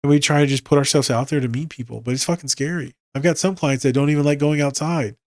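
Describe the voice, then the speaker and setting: A man's voice: on the high side, fairly even intonation, fast, a little mellow, no echo. Tired male therapist-host, loose profane chat, dry recording. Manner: casual, profane, conversational. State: tired, yawning. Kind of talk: casual solo podcast talk.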